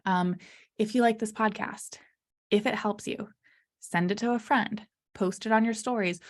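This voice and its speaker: A woman's voice: mid-range voice, steady tone, moderate pace. A young adult woman hosting her podcast alone, talking casually and candidly, with lots of fillers, and laughing her way through hard topics. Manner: chatty, many fillers like "you know" and "um". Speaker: podcast host. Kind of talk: solo podcast monologue.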